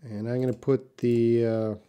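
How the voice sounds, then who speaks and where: A man teaching English on a live stream, reading out viewers' questions and explaining words slowly and patiently. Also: medium pitch, little pitch movement, mellow, smooth, dull audio. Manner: slow, patient, drawn-out explanations; reads viewer questions aloud. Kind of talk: live-stream English class answering chat.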